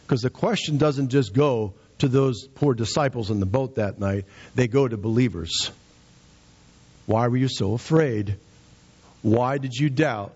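A man's voice: medium pitch, a little mellow, husky, highs cut off. A man preaching a sermon with emphatic, rising and falling delivery.

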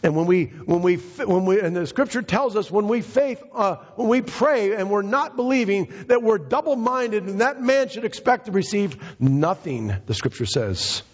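A man preaches to his congregation with a husky, slightly breathy voice. He grows impassioned and climbs in pitch to stress his points. The recording is dull, with a long reverb trailing through the sanctuary. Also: animated, moderate pace, hardly any pauses. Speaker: pastor. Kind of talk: sermon. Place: church sanctuary.

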